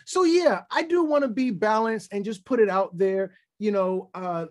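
High-voiced man hosting a chatty podcast. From United States. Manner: animated, laughs often, restarts. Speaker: podcast host. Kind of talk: casual podcast chat and history storytelling.

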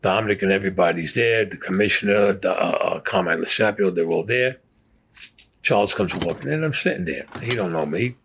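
A man's voice: low-pitched, fairly quick, fairly bright tone, slightly rough. An older man telling a crime story in a blunt, profane, matter-of-fact way.

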